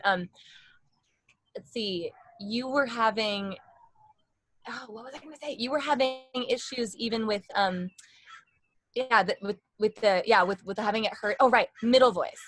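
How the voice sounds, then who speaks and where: A woman's voice: medium pitch, a bit bright. A young adult woman vocal coach giving a casual, rambling lesson with demonstrations.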